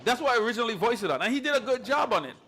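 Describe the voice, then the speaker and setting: A man co-hosting a casual talk show, opinionated and animated, often beatboxing rhythms to make his point. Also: extremely high pitch, very fast. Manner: animated, mimics rhythms with beatbox sounds, swears. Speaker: podcast co-host. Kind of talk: casual chat about sound clashes.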